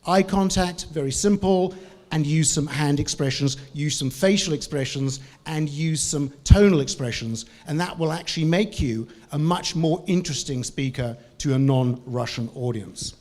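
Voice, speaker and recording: Male conference speaker, animated, slightly high voice, plenty of up and down in delivery. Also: normal speed. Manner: animated, varies tone and tempo. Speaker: conference speaker on English for Russians. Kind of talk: lively conference talk.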